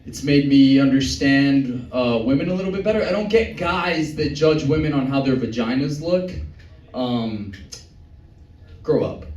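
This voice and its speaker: A young man performing a stand-up set in a comedy club, with a deadpan, meandering delivery. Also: mid-range voice, unhurried, muffled recording, a little hiss or hum. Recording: echoey club from far off.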